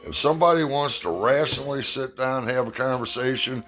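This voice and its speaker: A man's voice: medium pitch, brisk, fairly bright tone, faint music behind. A man from the United States giving a blunt, profane opinion rant and telling a fable.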